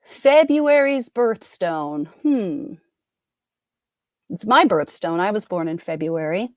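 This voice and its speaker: Casual live-stream trivia chat comes from a middle-aged woman whose medium-pitched voice is animated, slow and a little mellow. She stays upbeat and chatty, often interrupting herself, in a studio-quality recording with no room sound.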